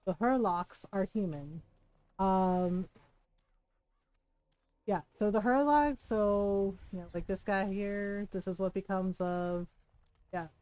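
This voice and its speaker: A woman's voice: medium pitch, takes it slowly, long pauses, a little mellow, low-quality recording. A woman streaming a game live, chatting and giggling as she rambles about the story. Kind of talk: live gameplay commentary.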